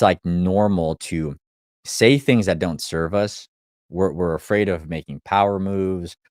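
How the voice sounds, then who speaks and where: A man's voice: a bass voice, a little mellow, dry recording, studio quality. A man, a life coach, giving a live motivational talk to viewers, blunt and profane, driving points home with repeated phrases. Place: live stream.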